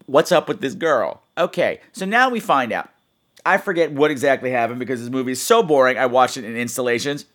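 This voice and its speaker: A man's voice: medium pitch, lively intonation, fast, a bit bright. A man giving a sarcastic, rambling comedic recap of a bad movie, acting out the characters' voices as he goes. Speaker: movie reviewer.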